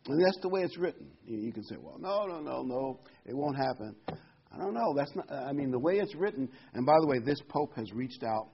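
A man's voice: medium pitch, lively intonation, fairly quick, gravelly, husky. An older man giving a conversational sermon as a pastor, often restarting his words and hesitating. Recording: dull lo-fi recording with faint noise.

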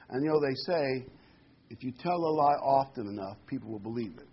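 Animated preacher man, husky voice. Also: mid-range voice, brisk. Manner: animated, repeats words for emphasis. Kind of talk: sermon. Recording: dull lo-fi recording.

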